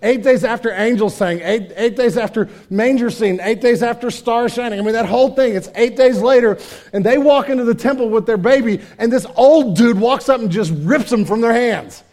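A man preaching a casual, energetic sermon, full of slang and asides, sometimes dropping to a hushed tone. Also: very high voice, normal speed. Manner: drops to hushed intimate tone. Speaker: pastor.

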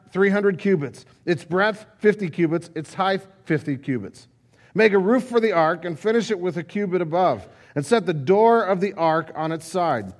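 A man pastor reading scripture and retelling it in a casual, conversational sermon full of asides. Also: high-pitched. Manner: conversational, animated, many asides. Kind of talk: sermon, Bible reading and storytelling.

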